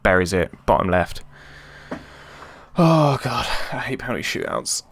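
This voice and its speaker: A man casually commenting on his own football management game, chatty and prone to sudden excited outbursts. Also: low voice, fast. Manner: excitable, chatty, swings between calm and yelps. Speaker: let's play host.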